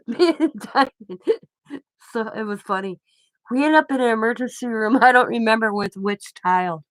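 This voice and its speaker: A woman's voice: on the high side, measured pace, pauses often, no echo. An older woman hosting a craft channel, telling rambling personal anecdotes in casual chat and laughing often.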